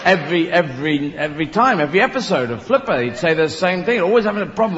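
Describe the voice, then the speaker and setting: A man's voice: fairly high pitch, sing-song, fast talker, hardly any pauses, fairly bright tone, a little hiss or hum. Rambling stand-up man, live hall. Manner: rambling, playful, many restarts. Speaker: stand-up comedian. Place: large live venue. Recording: lo-fi live hall recording with crowd. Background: audience laughter and ambience.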